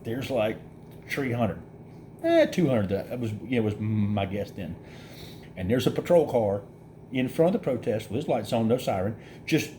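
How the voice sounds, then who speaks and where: Animated man telling a story. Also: mid-range voice, a little hiss or hum. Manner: animated storyteller, acts out quoted voices, laughs through it. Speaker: vlogger. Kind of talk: casual storytelling.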